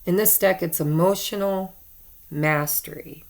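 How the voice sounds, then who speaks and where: A woman's voice: fairly low pitch, unhurried, vocal fry, darkish tone. A woman giving a casual tarot card reading to her viewers, chatty and repeating herself for emphasis. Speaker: tarot reader.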